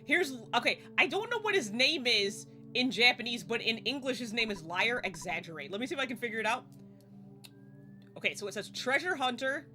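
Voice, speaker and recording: A young woman streaming a game live, chatting excitably, laughing and swearing casually as she plays. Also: a little high, brisk. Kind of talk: live gameplay commentary. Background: faint game music.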